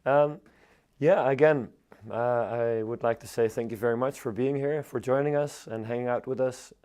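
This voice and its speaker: A Dutch man, a hoarse and unwell floristry teacher, chatting casually while hosting a live arranging demonstration. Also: medium pitch, moderate pace. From Netherlands. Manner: relaxed, chatty, many fillers.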